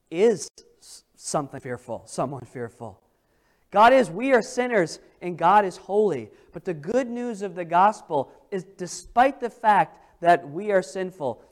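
A man preaching a sermon, reading scripture aloud and repeating phrases for emphasis, dropping to soft, slow words to stress a point. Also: high voice. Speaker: pastor.

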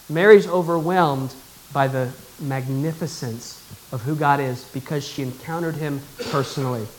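A man's voice: on the high side, fairly bright tone, slight background noise, rough recording. A male pastor preaching a sermon, emphatic and calling on the congregation to answer back. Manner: emphatic, calls for congregation response.

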